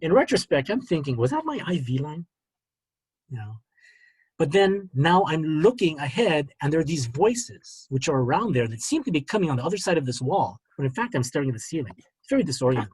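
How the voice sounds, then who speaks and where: Husky middle-aged man telling his story. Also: a little high, no echo. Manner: earnest, halting storyteller with many "you know" and "okay?". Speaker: physician speaker. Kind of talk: personal story in a webinar talk.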